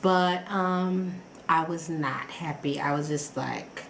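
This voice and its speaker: A woman's voice: low voice, slow pace, vocal fry. A woman vlogger telling a personal story in a rambling, chatty way, full of fillers and restarts, acting out her own past reactions. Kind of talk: casual personal story vlog. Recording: echoey room with faint background noise.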